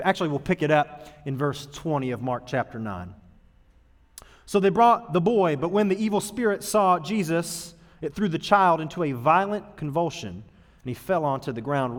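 A man preaching as a youth pastor in a church auditorium, talking in a casual, earnest way that moves from loud emphasis to hushed tones. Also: a little high, lively intonation, moderate pace. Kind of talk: sermon to youth group. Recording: long hall reverb.

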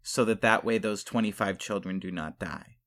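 A man playing a sheepish husband in an improvised comedy sketch, stammering and hesitant as he tries to calm his wife. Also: fairly low pitch, moderate pace, lightly acted. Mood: placating. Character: sheepish husband, secret agent.

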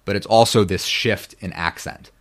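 A Bible scholar guest on a podcast, he speaks in a lowish voice at normal speed. He lays out biblical Hebrew like a lesson, exact about pronunciation, regularly pausing on "right?" to check understanding.

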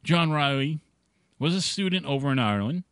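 A man's voice: fairly high pitch, expressive, a bit bright, clean tone, no room sound. A man co-hosting a podcast, chatting and telling a ghost story while drinking, on a mic with a foam windscreen. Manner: chatty, laughing, drawn-out storytelling. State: drinking beer. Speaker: podcast co-host. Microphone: studio mic with foam windscreen.

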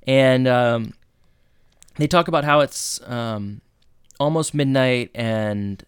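A man's voice: medium pitch, slow, clean tone, no echo, clean studio sound. A man co-hosting a podcast, casually retelling a TV episode with lots of fillers. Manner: relaxed storytelling with filler words. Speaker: podcast co-host. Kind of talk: casual recap chat.

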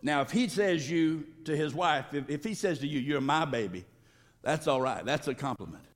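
Male pastor, high voice, emphatic sermon delivery with call-and-response, long church reverb. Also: expressive, normal speed. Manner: emphatic, calls for congregation response. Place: church sanctuary.

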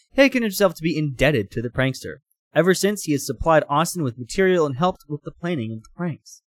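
A man's voice: on the high side, no echo, studio quality. A man hosting a comedy show, reading a story aloud with laughs between lines.

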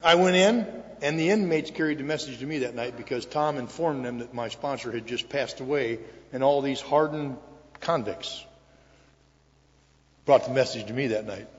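An older man giving an earnest, emotional personal testimony to an audience in a large hall, with pauses and restarts. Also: medium pitch. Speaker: recovery meeting speaker. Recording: echoey hall, dull lo-fi sound.

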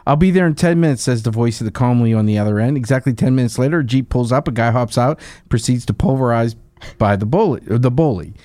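A man co-hosting a radio show, reading jokes in a wry, deadpan way with casual banter. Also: mid-range voice, quick pace, no echo. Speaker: radio co-host.

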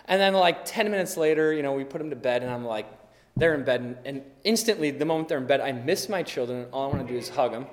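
High-voiced man preaching in a hall. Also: fairly quick. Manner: animated storytelling, swinging from loud to hushed. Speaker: pastor. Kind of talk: sermon. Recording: long reverb in a large hall.

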